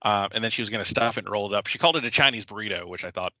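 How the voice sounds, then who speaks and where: A man's voice: fairly low pitch, racing, bright, forceful tone, no echo, highs cut off. A man hosting a podcast, casually recapping and explaining with fillers and easy laughs. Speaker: podcast host.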